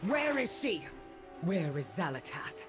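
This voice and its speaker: An actor voicing an enraged male monster in a video game, with a raspy voice, heard as game audio under music. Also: high voice, sing-song, takes it slowly, a bit bright, heavily acted. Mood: vengeful.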